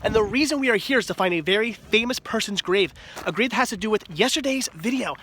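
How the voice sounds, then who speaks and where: A gushing, excitable man vlogging casually into a handheld camera. His voice sits high and sounds bright and forceful. Faint background noise runs under the recording. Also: quick pace. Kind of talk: casual vlog narration. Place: outdoors at a cemetery, then inside a video store.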